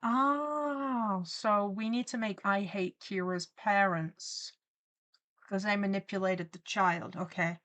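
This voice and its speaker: A woman streamer chatting on a live stream while animating, reading viewer comments aloud and reacting to them with excitement. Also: mid-range voice, unhurried.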